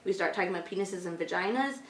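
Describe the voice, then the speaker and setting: A woman speaking thoughtfully and gently in a relaxed conversation, with many fillers. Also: on the low side, quick pace. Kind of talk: conversational discussion. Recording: echoey room, faint noise.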